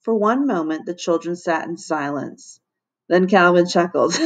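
A woman teacher reading a children's chapter book aloud to her class in an expressive storybook manner. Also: medium pitch, moderate pace, dull audio. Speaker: fourth-grade teacher.

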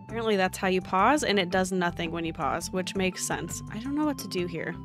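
A woman streamer talking to her viewers during a live game stream, excitable, often gasping and exclaiming. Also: on the low side, a little fast, music in the background. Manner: chatty, addresses her viewers directly.

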